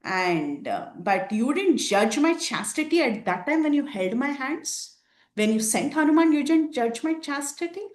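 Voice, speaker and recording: Woman putting on a defiant young queen, bold questioning, raised pitch, roomy echo. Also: sing-song, a little slow. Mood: reproachful. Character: proud indignant young queen defending herself.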